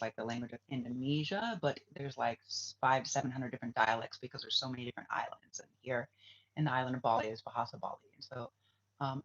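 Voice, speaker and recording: A man hosting a casual livestream, rambling and swearing, dropping to a hush and then flaring up heatedly. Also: medium pitch. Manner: rambling, profane, swings from hushed to heated. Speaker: spiritual reader and livestream host. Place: Bali, Indonesia. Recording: dull lo-fi livestream audio.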